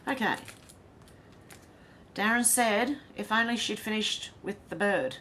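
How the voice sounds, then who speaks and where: A woman's voice: mid-range voice, unhurried, bright, forceful tone, a little hiss or hum. A woman with an Australian accent hosting a casual livestream, reading viewer comments aloud and chatting with a laugh. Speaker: livestream host reading chat. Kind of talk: casual chat.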